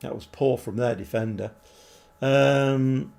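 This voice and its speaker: A man's voice: medium pitch, lively intonation, a little slow, creaky, darkish tone. A man casually commentating while live-streaming a football management game and chatting with viewers, swearing mildly along the way. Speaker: game livestreamer.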